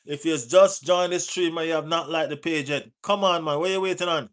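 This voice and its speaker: A man with a Jamaican accent hosting a live football stream, answering viewer chat in relaxed patois-tinged talk and urging viewers to like the page. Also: a little high, fairly quick, clean tone. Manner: reads out and answers viewer chat, teases, urges likes. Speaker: football livestream host.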